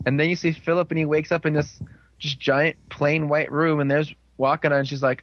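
A young man recapping a show in a rambling, animated way with lots of fillers. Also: on the high side, fairly quick. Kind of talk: casual recap chat. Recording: dull lo-fi recording.

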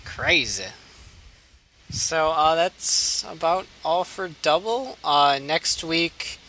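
A man's voice: on the high side, slow pace, sharp tone, a little hiss or hum, poor audio. A man hosting a casual podcast, hesitant and full of fillers. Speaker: podcast host.

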